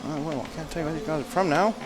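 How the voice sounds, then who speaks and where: High-voiced guy doing live race commentary, chatty, jokes at himself, gets all excited. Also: rapid-fire, background noise. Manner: chatty, self-deprecating, excitable bursts. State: a little out of breath.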